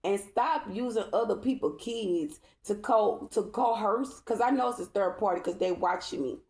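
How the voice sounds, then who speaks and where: Gravelly-voiced woman tarot reader vlogging. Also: mid-range voice, normal speed, darkish tone. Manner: emphatic and repetitive, checking in with "okay?". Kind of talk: casual vlog talk to viewers. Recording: echoey room.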